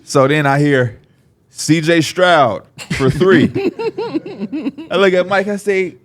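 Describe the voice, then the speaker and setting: At a measured pace with no echo, a man co-hosts a podcast, recounting stories in casual conversation. He's animated and acts out whoever he quotes with big leaps in pitch.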